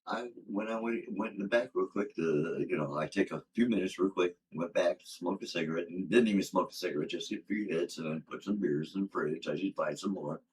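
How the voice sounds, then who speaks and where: A man's voice: sits low, fairly quick, hardly any pauses. A man in a casual livestream chat, laid-back and rambling, with lots of fillers. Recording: from a distance with faint background noise.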